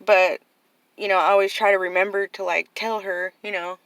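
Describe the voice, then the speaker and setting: A middle-aged woman speaks straight to camera in a loose, heartfelt monologue that keeps circling back with "like" and "you know." Her voice has a gravelly fry and a bright, forward edge. It sits close and dry, with no room around it. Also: medium pitch, little pitch movement, normal speed, no echo, low-quality recording. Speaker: vlogger.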